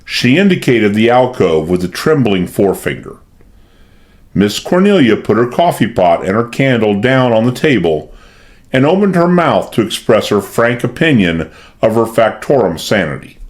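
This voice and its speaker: Lively, low-voiced man narrating. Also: normal speed. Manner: dramatic, suspenseful reading. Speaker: audiobook narrator. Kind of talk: scripted narration of a mystery novel.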